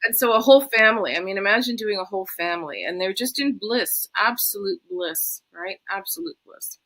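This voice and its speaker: A woman's voice: mid-range voice, fairly quick, sharp tone. A woman being interviewed, chatting eagerly and often checking in with "right?" as she talks. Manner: enthusiastic, repeats herself, says "right?" often. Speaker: interview guest. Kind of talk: casual chat.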